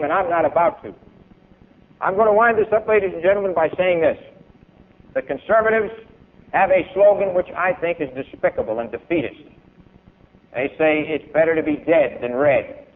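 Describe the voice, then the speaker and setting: A man giving an emphatic, declaiming public speech and then taking questions from an audience. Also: on the high side. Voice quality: emphatic, oratorical, declaiming with big swings in loudness. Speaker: speaker at a university event. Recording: tinny, lo-fi archival tape.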